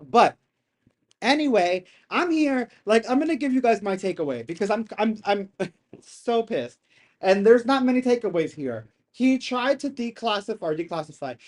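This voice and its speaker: A live streamer in casual commentary, animated and exasperated, rambling with slang and frequent swearing. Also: mid-range voice. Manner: rambling, restarts sentences. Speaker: streamer reacting to a hearing.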